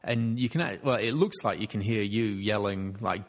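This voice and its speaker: A man's voice: lowish voice, normal speed. A man interviewing a guest in a chatty way, prompting with questions. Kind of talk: casual interview chat.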